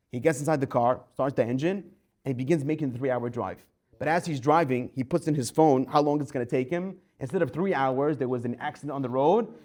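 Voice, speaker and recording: A man giving a Torah class as a rabbi, telling a story with lively acted-out dialogue. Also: mid-range voice. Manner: animated storyteller acting out quoted voices.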